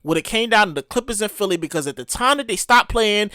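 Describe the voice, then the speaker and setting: A woman hosting a podcast, ranting casually about the news, animated and profane with loud exclamations. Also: medium pitch, quick pace, no echo, studio quality. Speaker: podcast host. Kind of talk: casual comedic news rant.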